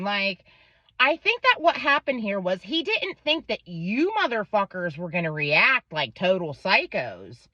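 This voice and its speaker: A woman's voice: mid-range voice, very animated, unhurried, bright, forceful tone, no room sound, lo-fi sound. A woman telling an angry story about her son and a neighbor, swearing freely and acting out what each person said. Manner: profane, heated, quotes others in voices.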